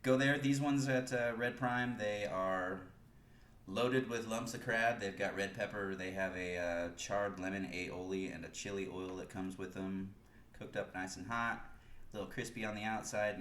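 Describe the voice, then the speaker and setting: A low-voiced man in his forties chats casually as a podcast co-host, often pausing on "uh" between thoughts. His voice sits deep in a roomy space that rings back, with a faint hiss underneath. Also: fairly even intonation, fairly bright tone. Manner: rambling, with many "uh" pauses. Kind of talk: casual chat.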